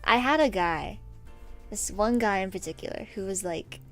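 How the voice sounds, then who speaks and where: A young woman streaming while she draws, telling a story in an animated, rambling way, with lots of fillers and laughs. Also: medium pitch, moderate pace. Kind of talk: casual storytelling chat while drawing. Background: faint background music.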